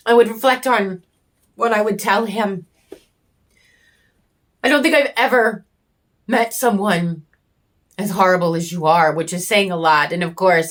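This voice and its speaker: A woman vlogger pours out a raw personal reflection straight to camera, bitter and angry. Her voice sits a little low, and her candid, heated talk is full of curses and halting pauses. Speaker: homesteading vlogger.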